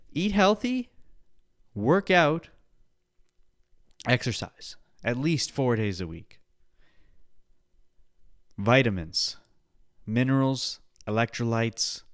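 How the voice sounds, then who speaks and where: A male podcast host talking solo in a rambling, profane pep-talk style, now and then breaking into loud outbursts. His voice sits at an ordinary middle pitch. The recording is dry and close, with no room sound. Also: clean tone, no echo. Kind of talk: casual solo podcast chat.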